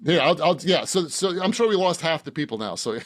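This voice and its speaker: A man's voice: a little high, lively intonation, a little fast, dry recording. Rambling, joking man, dry close mic. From Boston, Massachusetts. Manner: rambling, joking, laughs often, frequent restarts. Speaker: author guest. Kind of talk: casual podcast interview.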